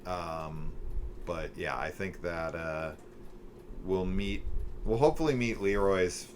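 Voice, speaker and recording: A man with a very low voice talks loosely in a casual review chat, trailing off and restarting his thoughts. A faint hiss sits under the recording. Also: slow pace. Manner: rambling with many fillers and restarts. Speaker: podcast co-host.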